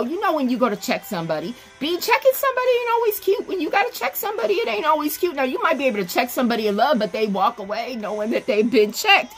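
A woman preaching an online sermon, emphatic and repetitive, calling on listeners by name. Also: high-pitched.

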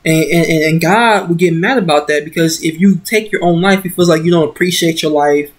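A young woman vlogger with a lowish voice talks fairly quickly into a computer microphone, telling a personal story in a casual story-time video. She rambles, fills her speech with "you know," and grows heated and emotional.

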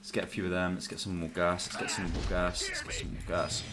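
A man's voice: sits low, flat delivery, quick pace, noisy background. A man streaming a game, narrating his own moves in a jokey, swearing banter. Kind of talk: casual gaming commentary.

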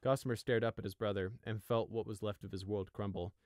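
A man's voice: lowish voice, fairly quick, no echo, clean studio sound. Man narrating a storybook. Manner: steady, even storytelling. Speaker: audiobook narrator.

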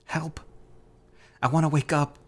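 A man's voice: a little high, flat delivery, unhurried, voice pushed up. A man voicing a terrified, panicked captive who cries out through a gag in an audio story. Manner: panicked, whimpering.

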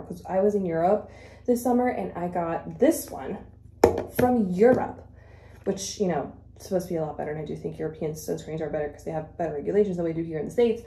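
A woman's voice: lowish voice, noisy background. Chatty woman vlogger in an echoey room. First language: Spanish. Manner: chatty, rambling with fillers and self-corrections. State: a little out of breath. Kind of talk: casual chat while doing makeup.

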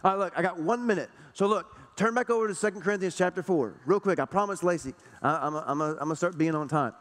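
A man's voice: sits high, fast, a bit bright, long reverb tail. A man preaching a sermon to a church congregation, emphatic, hammering home repeated rhetorical questions. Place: church sanctuary.

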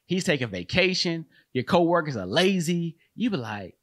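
A male podcast host rambles through comedic riffs, full of slang and quick laughter. His voice is bright and sits fairly high. His pitch jumps around a lot. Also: expressive, no room sound, clean studio sound. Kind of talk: casual comedic riffing.

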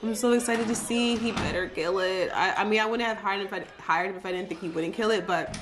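A woman's voice: medium pitch, fast, noisy background. A woman talking casually to her viewers in a home vlog, rambling and chatty, calling them "y'all". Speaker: vlogger. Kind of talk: casual day-in-the-life vlog chat.

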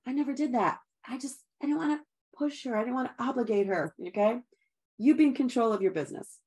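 A woman's voice: high-pitched, expressive, fast, a little mellow. A middle-aged woman giving an upbeat sales training talk, chatty and encouraging, often laughing and calling her listeners guys.

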